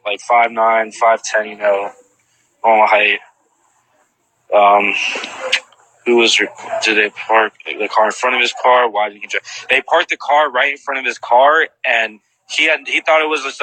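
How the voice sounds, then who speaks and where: A man's voice: medium pitch, pushed and bright, dry recording, poor audio. A man casually retelling what he witnessed and answering viewers' questions, rambling with lots of "like" fillers and restarts.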